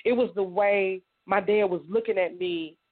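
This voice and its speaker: A woman from Indiana, an interview guest, giving a halting personal testimony full of "you know.". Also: mid-range voice, steady tone. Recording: tinny phone line.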